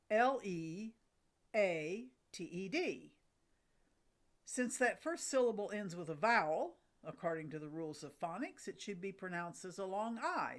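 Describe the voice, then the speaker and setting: Woman, middle-aged, host, slow delivery, mid pitch, enthusiastic, scripted narration. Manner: enthusiastic, with a light laugh. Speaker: host of a bird watching channel.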